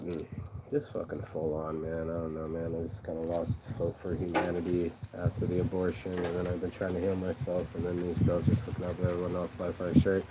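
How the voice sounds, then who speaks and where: A man's voice: low-pitched, completely flat delivery, brisk, noisy background. A man delivering a rambling, aggrieved vlog monologue, swearing freely and circling back on his own words. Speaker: vlogger and shirt designer. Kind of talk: casual venting monologue.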